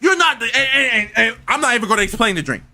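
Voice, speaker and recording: A man's voice: extremely high pitch, animated, fast talker, bright, forceful tone. A young man reacting to a video in casual commentary, incredulous and stammering through restarts.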